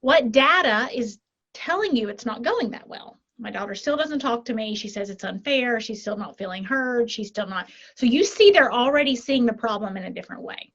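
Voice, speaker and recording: Woman, life coach, podcast guest, animated, tag questions, fairly high voice, bright edge. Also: moderate pace, muffled recording. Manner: animated, talks through example scenarios, frequent tag questions. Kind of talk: conversational interview.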